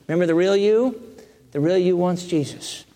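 A man preaching a sermon in a conversational way, jumping to emphatic high peaks and then dropping to soft, hushed lines. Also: normal speed, vocal fry. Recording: long reverb of a large hall.

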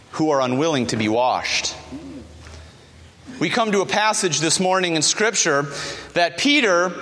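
A man's voice: a little high, bright, forceful tone. A middle-aged man preaching a sermon as pastor, emphatic, repeating his key phrases, recorded in a church. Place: church sanctuary. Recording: long reverb of a large hall.

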